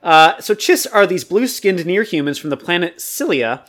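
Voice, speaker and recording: A man's voice: sits high, big pitch swings, normal speed, a bit bright. A man co-hosting a podcast, playfully explaining trivia at length in casual chat. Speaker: podcast co-host.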